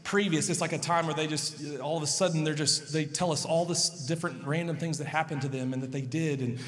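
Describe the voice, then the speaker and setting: Storytelling pastor with a ringing hall echo. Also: male voice, a little high, fairly even intonation, brisk. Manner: storytelling, swings between soft and loud emphasis. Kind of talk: sermon.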